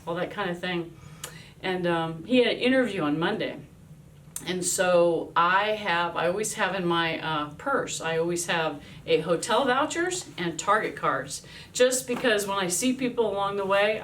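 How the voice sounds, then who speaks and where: A woman in her fifties, an army chaplain, telling a devotional story in a lively way and acting out the voices she quotes. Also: fairly low pitch, moderate pace, distant mic, a little hiss or hum.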